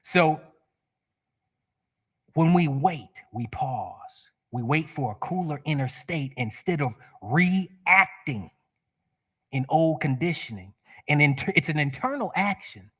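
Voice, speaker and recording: A man delivering a spiritual sermon, voice swinging widely as he tells a personal story. His pitch sits a little high for a man, and he chuckles at his own anecdotes while he preaches. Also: slow, breathy edge. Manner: animated, laughs at his own stories. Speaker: guest speaker. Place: church sanctuary.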